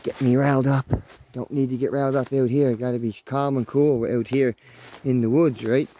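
A man in his thirties vlogging while hiking through the woods, excitable and swearing freely, talking to his dog as he goes. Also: medium pitch, moderate pace, slight background noise. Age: 30s. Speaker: outdoors vlogger. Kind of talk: casual walking vlog. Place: outdoors in woods.

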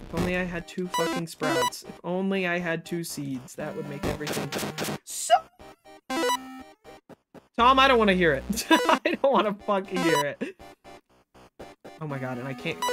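A livestreamer giving live gameplay commentary, frustrated and swearing a lot, talking to themself and to chat, swinging from low muttering to sudden loud outbursts. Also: lively intonation, normal speed, long pauses, over music.

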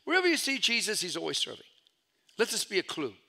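Bright-voiced preacher man, storytelling sermon. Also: high-pitched, huge pitch swings, fast, creaky. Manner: storytelling preacher, swings from loud calls to hushed asides. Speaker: pastor.

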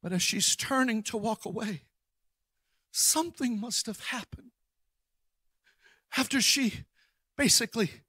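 Male guest preacher; bright, forceful tone, dry sound; shouts and fast asides. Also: high voice, no echo. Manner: emphatic storytelling, bursts of shouting and rapid asides. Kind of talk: sermon.

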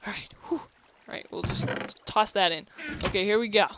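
A young adult gaming host giving excitable, gushing let's-play commentary, often restarting sentences. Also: mid-range voice, moderate pace, background noise.

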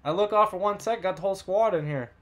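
Upbeat man calling a live card break. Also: high voice. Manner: rapid roll-call of names and teams, upbeat banter. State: losing his voice. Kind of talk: live-stream box break chat.

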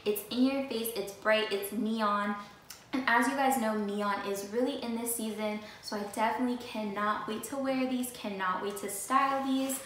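A young woman with a fairly high voice chats excitedly, addressing her viewers directly as she shows off her sneakers. Her voice rings through a very echoey room. A faint hiss of noise sits under the recording. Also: moderate pace. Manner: chatty, animated, talks straight to viewers. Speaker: vlogger. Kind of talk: casual sneaker haul chat.

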